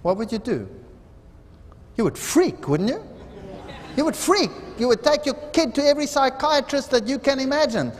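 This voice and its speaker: Male seminar preacher, high lively voice, dramatic parable-teller; long hall reverb. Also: moderate pace. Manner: dramatic storytelling, acts out quoted voices. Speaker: seminar speaker. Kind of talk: sermon. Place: large hall.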